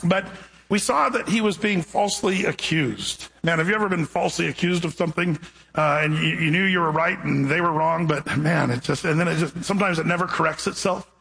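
A middle-aged or older male pastor preaching a sermon in a chatty, animated way, full of asides, acting out the people in his stories. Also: fairly high pitch, brisk, gravelly, breathy edge, poor audio. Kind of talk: storytelling sermon.

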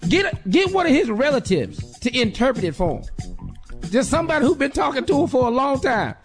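This is a high-voiced woman on a radio show, trading jokes with her co-hosts. Her pitch leaps all over the place as she gets more emphatic. Music plays clearly behind her. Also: fairly quick. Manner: animated, laughing, slangy and emphatic. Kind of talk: joking advice banter. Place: radio studio.

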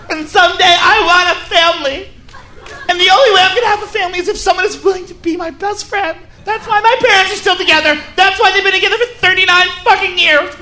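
A man's voice: very high voice, bright, forceful tone, pitched above the performer's own voice, full character voice. A man voicing an angry 29-year-old girlfriend who rants and swears at her partner during a stand-up bit. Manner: ranting, swearing, exasperated. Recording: live club mic with noise and crowd.

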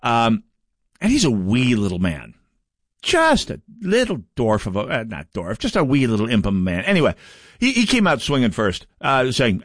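A middle-aged man from North Dakota hosts a political talk radio show in a sardonic, mocking tone. His pitch leaps around animatedly in mid-range. The studio sound is close and dry. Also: huge pitch swings, normal speed, a bit bright, dry recording.

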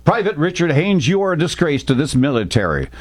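A gruff, commanding army colonel, as a narrator puts him on, clipped and authoritative in a storybook war tale. The voice sits a little higher than the narration, with a dry, close sound. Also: male voice, very animated, fairly quick, no echo. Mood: scolding.

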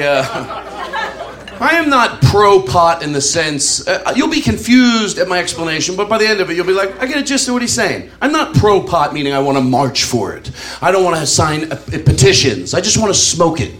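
A man's voice: high voice, expressive, moderate pace, a bit bright. A middle-aged man doing a rambling stand-up comedy routine, chuckling through his own stories with lots of fillers. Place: comedy club stage. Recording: live club recording with room noise.

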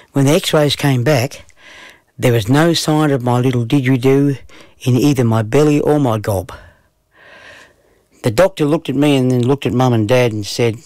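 A man's voice: medium pitch, darkish tone, dry recording. A man telling a playful children's story. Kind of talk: storytelling narration.

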